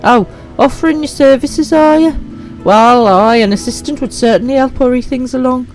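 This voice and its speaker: A woman voicing a brisk, businesslike merchant companion in a game, chatty and upbeat. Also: sits high, darkish tone, soft background music, voice pushed up, close to an everyday voice, poor audio.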